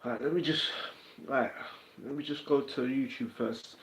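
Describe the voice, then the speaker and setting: A man's voice: medium pitch, normal speed. A man with a London accent hosting a casual livestream, chatting in a streetwise way and answering viewers' comments. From England. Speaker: livestream host. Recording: roomy, dull lo-fi sound.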